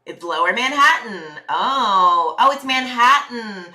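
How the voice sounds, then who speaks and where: A woman's voice: fairly high pitch, animated, takes it slowly, pushed and bright. A woman doing an improvised comedy sketch in a playful manner, putting on a New York accent.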